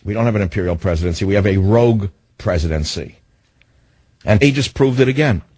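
A combative male radio host with a husky, slightly rough voice, firing off indignant rhetorical questions. The sound is dry and close, with no room around it. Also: on the low side, a little fast, a little mellow, no echo, poor audio. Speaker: radio talk show host. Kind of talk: political talk radio monologue.

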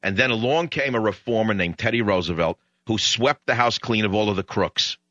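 A man's voice: fairly low pitch, fairly quick, fairly bright tone, no echo, highs cut off. A man hosting a political talk radio show, ranting in a sarcastic, exasperated way. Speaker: radio host.

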